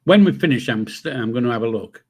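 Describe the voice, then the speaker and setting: A man's voice: medium pitch, lively intonation, fast talker, darkish tone, breathy edge. An older man, hosting a casual livestream and chatting loosely with viewers, with a rambling manner, casual swearing and chuckles to himself. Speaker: livestream host. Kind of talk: casual live chat reading comments.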